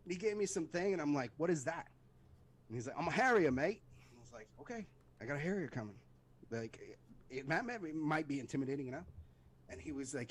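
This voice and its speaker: A middle-aged man, an Army veteran, telling stories as a guest in a casual interview and acting out voices and sounds. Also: medium pitch. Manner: animated, acts out voices and sounds in his stories. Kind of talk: casual storytelling in a podcast interview.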